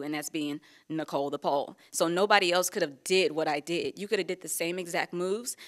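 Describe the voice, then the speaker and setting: A professional pole dancer being interviewed, chatting casually and candidly and laughing often. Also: female voice, on the low side, a bit bright.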